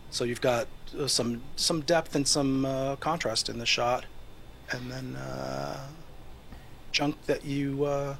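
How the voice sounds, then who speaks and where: A man guesting on a casual panel chat, thinking aloud and leaning on fillers. His tone is bright and crisp, and a faint hum of background noise sits under it. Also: mid-range voice.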